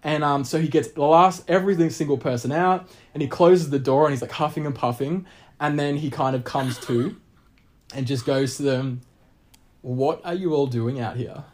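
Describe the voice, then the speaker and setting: A man from Australia, telling a travel story in casual chat, animated and rambling with lots of fillers and restarts. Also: fairly high pitch, normal speed. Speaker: guest storyteller.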